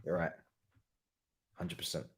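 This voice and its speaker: This young man is running a livestream football watchalong, keeping a measured pace while sounding excitable and slangy. Frequent laughter punctuates his talk, which shifts between loud outbursts and quiet asides.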